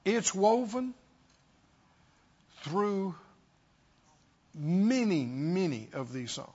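A male preacher delivers an emphatic sermon in a high, swooping voice. He speaks slowly and checks in with the congregation through rhetorical questions. His husky tone comes through a dull, lo-fi recording. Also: sing-song, warm tone.

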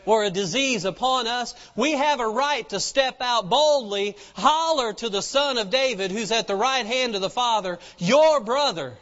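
A man's voice: very high voice, normal speed, few pauses, fairly bright tone. A man preaching a sermon in a folksy storytelling way, acting out the people in the story as he goes. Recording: dull lo-fi sound with long reverb.

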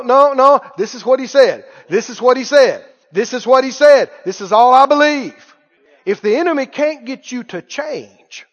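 A man preaching a sermon, emphatic, repeating key phrases, with quick asides and laughs. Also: very high voice. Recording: muffled reverberant hall recording.

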